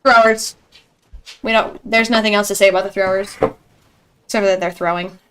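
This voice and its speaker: A young woman giving live esports commentary in a chatty, excitable way, reacting loudly to each play. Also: mid-range voice, moderate pace, slight background noise. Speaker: esports caster.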